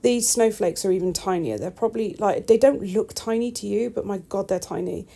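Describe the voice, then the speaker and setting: A woman's voice: medium pitch, brisk, vocal fry, dark tone. A woman, a nail technician, chatting casually over her tutorial with wry, self-deprecating asides.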